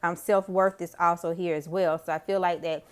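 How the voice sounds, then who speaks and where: A woman with a somewhat low voice delivers a tarot reading to her viewers. She talks in a loose, chatty way, full of slang and casual cursing. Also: steady tone, moderate pace, clear, resonant tone. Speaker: tarot reader.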